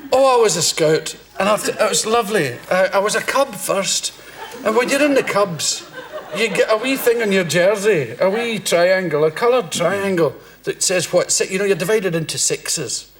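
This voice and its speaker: A man's voice: sits high, animated, moderate pace, fairly bright tone. A Scottish man telling comic anecdotes as a talk show guest, often breaking into laughter mid-sentence. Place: TV studio with live audience. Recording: studio audience laughing.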